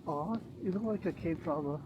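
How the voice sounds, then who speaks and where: A young man streaming outdoors, joking and teasing in casual chat and breaking into high laughter. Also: normal speed, highs cut off, background noise.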